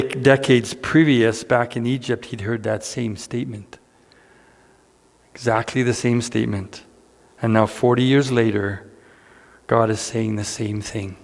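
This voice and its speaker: A man preaching a sermon as pastor, earnest and unhurried, repeating key lines with dramatic pauses. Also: medium pitch, creaky. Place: church sanctuary. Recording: church hall reverb.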